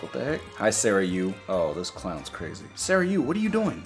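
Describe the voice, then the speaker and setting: A man in his twenties from Los Angeles, narrating a game roleplay with excitable, jokey commentary that breaks into yelps and shouts. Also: lowish voice, a little fast, few pauses, soft background music. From Los Angeles, USA. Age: 20s. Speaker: YouTuber narrating gameplay.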